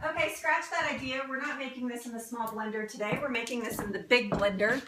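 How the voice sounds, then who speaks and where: Woman, cooking host, chatty, cheerful, laughs often, higher-pitched, home kitchen. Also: fairly quick, pushed and bright, a little hiss or hum. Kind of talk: live cooking demonstration.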